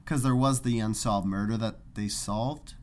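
A man's voice: fairly low pitch, normal speed. A man co-hosting a podcast from Canada, chatting casually and ranting with lots of swearing. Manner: profane, animated ranting. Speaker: podcast co-host. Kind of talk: casual chat.

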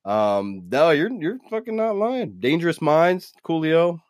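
A man's voice: fairly high pitch, very animated, unhurried, a little mellow, no echo. A man from the US East Coast co-hosting a podcast, talking loosely, profanely and enthusiastically. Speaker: podcast co-host. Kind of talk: casual podcast chat.

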